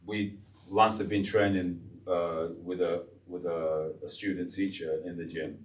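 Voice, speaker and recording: A man's voice: low-pitched, a little slow, slight background noise. A man in his sixties, a retired teacher being interviewed, telling stories bluntly and acting out the people in them. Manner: blunt, animated, acts out quoted people. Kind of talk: casual interview storytelling. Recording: roomy, mic at a distance.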